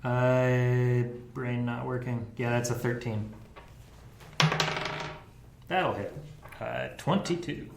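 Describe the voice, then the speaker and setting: A man's voice: mid-range voice, steady tone, slow, vocal fry, pauses often. A man running a tabletop game as game master, describing scenes and explaining rules casually with fillers. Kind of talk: narrating and ruling a tabletop game. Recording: echoey room with faint noise.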